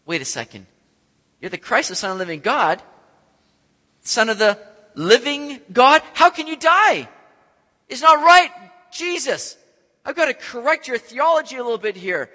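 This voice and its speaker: A man preaching, acting out an eager, brash male apostle in a loud, high voice. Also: sing-song, a little fast, slightly rough, big-room sound, full character voice. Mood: indignant. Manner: high-pitched, loud, pleading.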